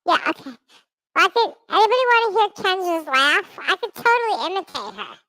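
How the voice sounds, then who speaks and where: A woman's voice: very high-pitched, big pitch swings, a little fast, sharp tone. A woman vlogger in playful, giggly casual chat, trying out funny voices. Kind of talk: silly casual chat with impressions.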